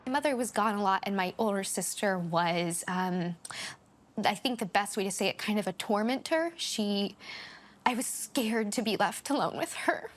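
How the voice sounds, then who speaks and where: A woman's voice: mid-range voice, animated, normal speed. A young woman giving an emotional personal testimony, speaking hesitantly and nervously. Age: young adult. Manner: hesitant, shaky, with nervous laughs. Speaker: interviewee.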